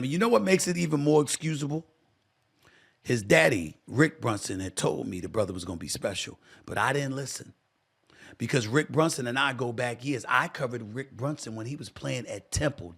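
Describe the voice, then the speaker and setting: A man's voice: fairly high pitch, vocal fry, fairly bright tone. A middle-aged man hosting a sports talk show, emphatic and fiery, with a preacher-like rhythm. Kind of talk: impassioned sports commentary.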